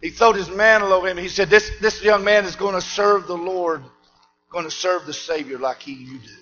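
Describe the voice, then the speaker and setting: A man preaching a sermon, swinging between shouted preaching and low asides. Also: moderate pace, highs cut off, faint music behind.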